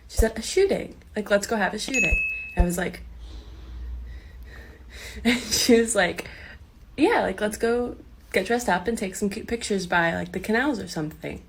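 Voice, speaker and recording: A woman's voice: mid-range voice, moderate pace, long pauses, a little hiss or hum. A woman telling an amused personal story to camera, quoting her roommate.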